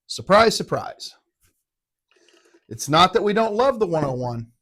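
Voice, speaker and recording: A middle-aged man gives a casual whiskey tasting review, rambling, irreverent and quick to mock himself. His high-pitched, sing-song voice is fairly quick and fairly bright in tone.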